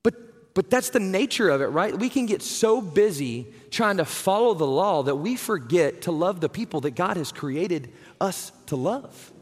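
A man's voice: high-pitched, animated, moderate pace. A man, preaching a conversational, earnest sermon. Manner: conversational, earnest, says "right?" and "man" often. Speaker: pastor. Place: church sanctuary. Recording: long hall reverb.

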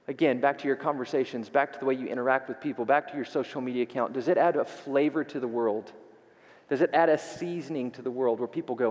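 A man's voice: medium pitch, fast, darkish tone, long reverb tail. A man preaching a sermon as pastor, emphatic and fond of repeating rhetorical questions, in a church sanctuary.

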